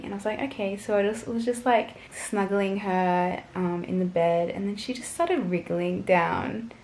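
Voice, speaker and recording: A woman's voice: mid-range voice, moderate pace, a little mellow, roomy sound, slight background noise. A young woman vlogger telling a personal story to camera in a chatty, gushing way, full of fillers.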